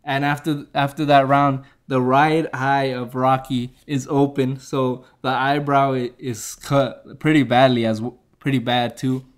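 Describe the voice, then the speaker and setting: A man's voice: mid-range voice, little pitch movement, measured pace, hardly any pauses. A man casually retelling a movie's plot, rambling with lots of fillers and chuckling at his own jokes. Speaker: movie reviewer.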